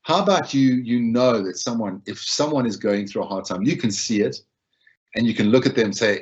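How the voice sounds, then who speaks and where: A man with a mid-range voice talks fairly quickly through an informal wellbeing session about supporting others. The tone is conversational, with frequent repetition and acted-out quotes, and the audio is dull.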